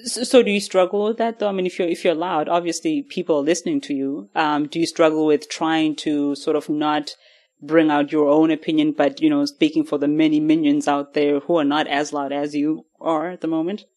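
A woman takes over the host's chair for a relaxed podcast chat, asking questions with a playful, laughing, slightly hesitant manner. Her voice sits a little low for a woman. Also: fairly quick. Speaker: guest host interviewing her husband. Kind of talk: casual podcast interview.

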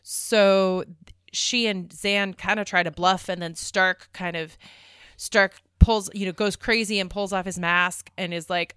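A woman's voice: lowish voice, normal speed, a bit bright, clean tone, dry recording, clean studio sound. A woman co-hosting a podcast, chatting casually about a TV episode with plenty of "like.". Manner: conversational, lots of "like". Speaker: podcast co-host.

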